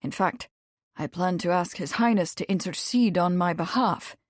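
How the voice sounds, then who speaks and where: A woman voicing a young male royal guard who speaks stiffly and awkwardly in a lowered voice. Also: moderate pace, no room sound, clean studio sound, close to an everyday voice. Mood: earnest. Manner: firm, then hesitant and uncomfortable.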